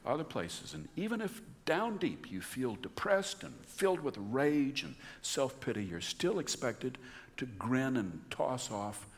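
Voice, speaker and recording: A man's voice: mid-range voice, sing-song, a little slow. A man hosting a live radio show, musing about jokes in a wry storytelling monologue. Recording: long hall reverb, faint hiss.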